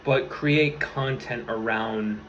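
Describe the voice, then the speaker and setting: Talking slowly to the camera in a medium-pitched, fairly bright voice, a young man in his twenties from the New York area rambles earnestly through a casual motivational talk. He swears freely and starts his sentences over. The audio is slightly dull and lo-fi, with faint room ambience and a little hiss or hum.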